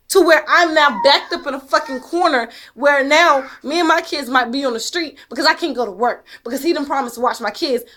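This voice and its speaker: A woman's voice: high-pitched, a bit bright. A woman telling a personal story about her life as a mother. She speaks with emphasis and heat, swears often, and keeps pressing her point with "okay?". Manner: profane, emphatic, heated. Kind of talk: emotional first-person storytelling.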